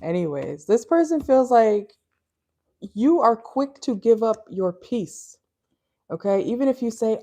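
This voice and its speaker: A woman's voice: a little high, animated, unhurried, mellow. A woman from Minnesota with a Minnesotan accent, giving a casual, blunt, talkative tarot reading from her car, full of fillers and laughter. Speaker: tarot reader. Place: parked car.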